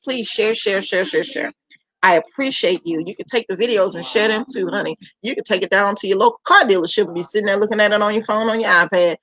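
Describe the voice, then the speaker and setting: A woman's voice: medium pitch, no room sound, rough recording. Folksy woman, dry close sound. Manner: animated, folksy, calls viewers honey and child. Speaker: home cooking channel host. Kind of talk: casual chat to viewers.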